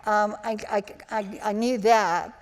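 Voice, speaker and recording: A woman's voice: medium pitch, a little slow. Woman in her sixties telling stories in a hall. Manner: chatty, animated, acts out quoted voices. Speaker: interview guest, former child actor. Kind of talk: anecdotal storytelling on stage. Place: large auditorium, live event. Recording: live hall with long reverb.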